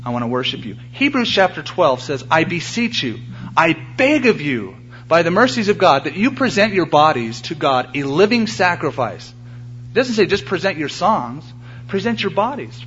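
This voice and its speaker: A man's voice: a little high, fairly bright tone. A man pastor preaching a sermon in a church, earnest and emphatic, stressing his points by repeating phrases. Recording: dull lo-fi sermon recording with faint hum.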